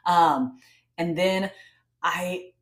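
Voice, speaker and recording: A woman with a notably low voice speaks as a podcast guest. She talks earnestly and reflectively, restarting her sentences as she goes. The recording carries a roomy echo. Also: extremely slow. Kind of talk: casual interview talk.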